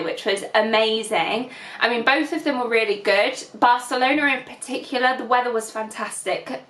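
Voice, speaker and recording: A woman's voice: on the high side, a bit bright, roomy sound. Chatty young Northern English woman vlogging. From England. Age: 20s. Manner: chatty, many fillers, emotional and teary at times. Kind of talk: casual reflective vlog chat.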